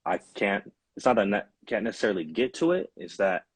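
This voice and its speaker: A young man hosting a podcast, relaxed and steering the casual conversation. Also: lowish voice, fast talker, husky, dry recording. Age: young adult. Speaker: podcast host. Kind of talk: casual chat.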